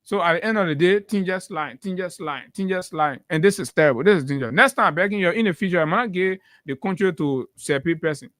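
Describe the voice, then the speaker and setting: A man's voice: high voice, fast talker, few pauses, fairly bright tone, no room sound, clean studio sound. Heated Liberian man giving political commentary. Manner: heated and emphatic, repeats phrases for force. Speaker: morning talk show commentator.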